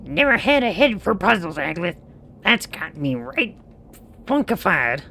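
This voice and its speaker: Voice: medium pitch, very animated, a little slow, pushed and bright, exaggerated voice. A streamer voicing a boisterous old-west cowboy who talks in a folksy drawl while playing a video game. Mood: baffled. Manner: twangy drawl, folksy slang. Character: high-pitched boisterous cowboy.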